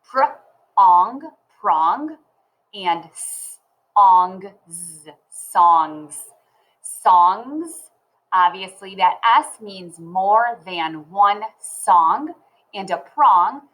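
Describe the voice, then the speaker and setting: A woman teaching a phonics lesson to young children, sounding words out slowly and clearly. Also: medium pitch, fairly bright tone, poor audio.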